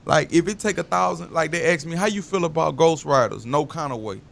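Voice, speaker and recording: A man talking casually as a guest, telling loose, animated stories full of slang. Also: on the high side, brisk, vocal fry, a little hiss or hum. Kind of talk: casual interview talk.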